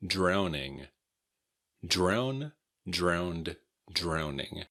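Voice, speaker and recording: Deep, slow American pronunciation teacher. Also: male voice, sing-song, fairly bright tone. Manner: repeats each word slowly and clearly. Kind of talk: slow, careful pronunciation lesson.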